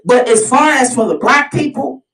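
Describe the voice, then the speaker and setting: A woman's voice: high voice, moderate pace, a bit bright. Woman, heated solo monologue, preachy, repeats herself, roomy sound, distant mic. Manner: fired-up, preachy, repeats and restarts phrases. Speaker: host of her own video series.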